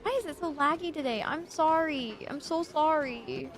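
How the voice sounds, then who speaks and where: A young woman streaming a game, gushing and stammering with excitement as she reads the story aloud at a desk microphone. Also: high voice, normal speed, music in the background. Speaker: VTuber streamer. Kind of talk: game playthrough with reaction and read-aloud narration.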